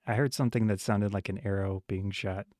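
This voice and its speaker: A man playing a tabletop game speaks with a lowish voice. He talks hesitantly and fills pauses with fillers, often staying in character. The recording is dry. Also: fairly even intonation, a little mellow, no echo. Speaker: player. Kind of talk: casual tabletop game chat.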